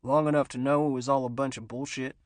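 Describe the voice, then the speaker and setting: A narrator voicing a controlled undercover agent who speaks in low, clipped lines. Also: fairly even intonation, fast talker, no echo, lightly acted. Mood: terse.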